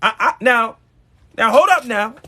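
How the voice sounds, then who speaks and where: Man, high voice, bright and sharp, preachy, blunt, talks straight to viewers. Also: lively intonation, a little slow, husky. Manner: emphatic, preachy, blunt with profanity; addresses viewers directly. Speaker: live-stream host. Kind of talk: motivational live-stream talk.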